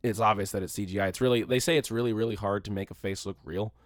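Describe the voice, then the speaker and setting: A podcast co-host with a lowish, fairly even voice talks fast in studio-quality sound with no echo. Chatting casually about a movie, he rambles profanely and quotes scenes to mock them.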